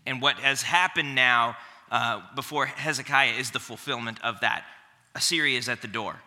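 A man's voice: mid-range voice, moderate pace, pushed and bright, long reverb tail. A man preaching a sermon in a conversational way, often repeating a word as he restarts a phrase. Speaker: pastor.

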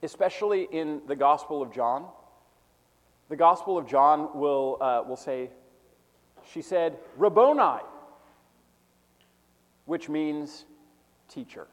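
A man teaching a preaching class, defining terms methodically and repeating them slowly so students can take notes. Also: on the high side, long reverb tail. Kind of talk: classroom lecture.

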